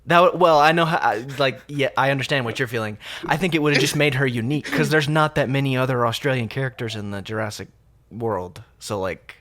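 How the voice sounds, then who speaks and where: American guy hosting a podcast, chatty, lots of ums, mid-pitched voice. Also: brisk, a bit bright. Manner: chatty, hesitant with ums, laughs. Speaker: podcast host. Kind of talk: casual podcast chat.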